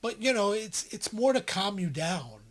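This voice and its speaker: A man's voice: sits high, normal speed. A man co-hosting a casual podcast, telling stories animatedly and acting out the people in them. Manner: animated storyteller, acts out quotes loudly. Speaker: podcast co-host. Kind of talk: casual chat.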